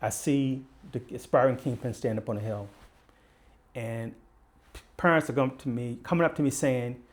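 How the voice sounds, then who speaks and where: A man's voice: medium pitch, moderate pace. An older man from Baltimore, a retired police detective telling stories as a guest and acting out the lines of the people in them. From Baltimore, USA. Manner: vivid storyteller who acts out quoted dialogue. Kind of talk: conversational storytelling.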